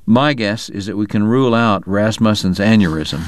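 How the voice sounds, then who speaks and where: A man's voice: on the low side, normal speed, lightly acted. A man voicing a stern, commanding frontier doctor who speaks curtly. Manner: curt, commanding.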